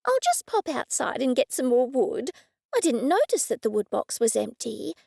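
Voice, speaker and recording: A woman doing a chirpy, high-voiced landlady. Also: very animated, moderate pace, vocal fry, dry recording, clean studio sound, exaggerated voice. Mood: cheerful. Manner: bright and chirpy. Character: lively, cheerful woman friend, a landlady.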